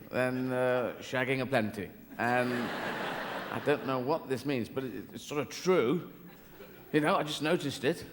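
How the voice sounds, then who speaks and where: A man's voice: medium pitch, moderate pace, a crowd in the background. An English man performing a rambling, digressive stand-up routine full of swearing, on a large theater stage. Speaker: stand-up comedian. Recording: reverberant live hall with ambience.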